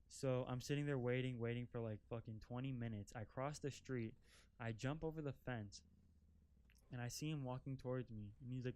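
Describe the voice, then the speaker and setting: A young man spins a loose, profane story for his viewers. His voice sits at an ordinary male pitch. Fillers like "like" and "right?" crowd every sentence. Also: normal speed, a little mellow, clean tone. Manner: rambling, profane, filler-heavy with constant "like". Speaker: vlogger. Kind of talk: casual storytime. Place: outdoors while driving an off-road vehicle.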